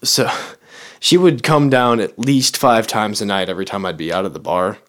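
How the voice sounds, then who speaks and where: A man's voice: on the low side, moderate pace, a bit bright. A man in casual chat, blunt and opinionated, often restarting his words as he talks. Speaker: podcast co-host.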